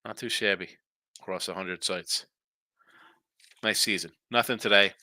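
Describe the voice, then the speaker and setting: A man's voice: on the low side, normal speed, bright, forceful tone, no echo. A man hosting a sports betting show in a rambling, casual way, reading out viewer messages and answering them. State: tired, yawning. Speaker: sports betting podcast host. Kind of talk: casual live-stream chat.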